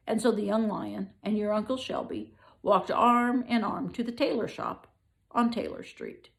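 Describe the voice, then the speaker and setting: Grandma reading a picture book, unhurried with a gravelly edge. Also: female voice, medium pitch, sing-song. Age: older. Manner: playful asides to the listener. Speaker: storyteller reading to children. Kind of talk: reading a children's book aloud.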